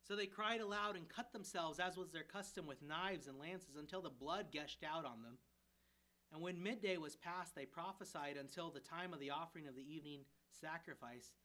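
In this expository sermon, a pastoral candidate with a slightly high voice and moderate pace retells a scripture story. He tells it animatedly and with humor, voicing characters through acted-out quotes.

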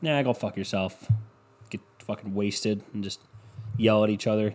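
A man's voice: on the low side, steady tone, moderate pace, darkish tone. A man hosting a casual solo podcast, rambling and swearing freely, packing his talk with "you know" fillers. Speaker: podcast host.

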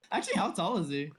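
A man's voice: sits high, husky. A young man co-hosting a podcast, crude and rambling, laughing often at his own jokes. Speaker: podcast co-host. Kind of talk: joking podcast banter.

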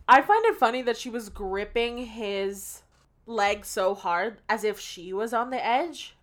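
A woman's voice: on the high side, a little slow. A woman co-hosting a podcast, retelling movie scenes in amused, casual chat with some swearing. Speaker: podcast co-host.

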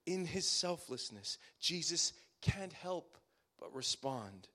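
A male preacher with a fairly high-pitched voice delivers a sermon in dramatic waves. He pushes phrases up with force, then lets them sink to a near-hushed close. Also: sing-song, slow pace.

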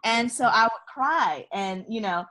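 Animated woman telling a story, laughing often. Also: on the high side, unhurried. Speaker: guest. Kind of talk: casual conversational storytelling.

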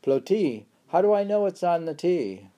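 A man's voice: sits high, sing-song, brisk, dark tone. A man reading a philosophy text aloud and chatting, stumbling over Greek names. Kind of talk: reading aloud and casual chat.

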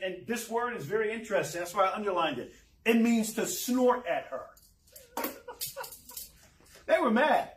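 A man with a fairly high voice preaches with energy, firing rhetorical questions at his listeners and chuckling now and then. His voice rings through a roomy church hall. He stands some way back from the mic. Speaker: pastor. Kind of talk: sermon. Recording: roomy echo, mic far off.

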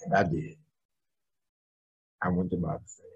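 Husky middle-aged man telling his story. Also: low-pitched, level tone, normal speed, dull audio. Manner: emphatic, earnest storytelling with bursts of laughter. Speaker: motivational speaker and founder, interview guest. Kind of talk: personal storytelling interview.

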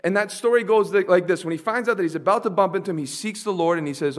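A pastor with a fairly high, fast voice preaches, putting questions to the congregation and waiting for replies. He swings between soft, low asides and loud, emphatic declarations.

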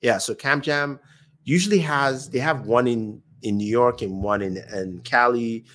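This man has a mid-range, fairly bright voice and speaks at a measured pace. He's a guest on a YouTube channel, swapping anecdotes in casual chat, laughing often and acting out the voices of the people he quotes.

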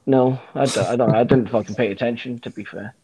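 A man's voice: mid-range voice, steady tone, fairly quick, mellow, a little hiss or hum. A man telling a rambling, sweary anecdote in casual chat with friends, full of fillers and restarts. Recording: dull lo-fi recording.

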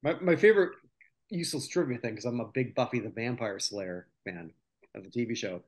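A man hosting a relaxed podcast chat in an easy, conversational way. He talks through his research and slips in bits of trivia, keeping the back-and-forth going with his co-hosts. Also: mid-range voice, brisk. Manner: chatty, shares research and trivia. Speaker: podcast host. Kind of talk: casual chat.

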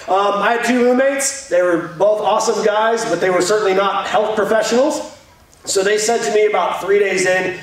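A young man delivering a sermon, telling a story with jokes and an animated, storytelling manner. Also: sits high, normal speed. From Indiana. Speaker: pastor. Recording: echoey hall from far off.

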